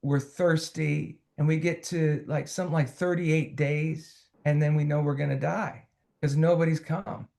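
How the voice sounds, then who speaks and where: Casting: male podcast guest, slightly raised pitch, gravelly, animated storyteller. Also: a little slow. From United States. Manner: animated storyteller, quoting others in his own voice. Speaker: podcast guest, singer-songwriter. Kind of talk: storytelling in a conversational interview.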